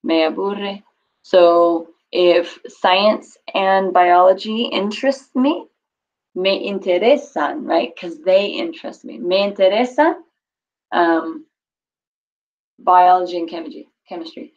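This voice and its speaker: A woman's voice: lowish voice, slow, darkish tone. A woman teaching Spanish to a class over a video call, explaining patiently and encouraging students. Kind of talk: online class instruction. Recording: dull lo-fi call audio.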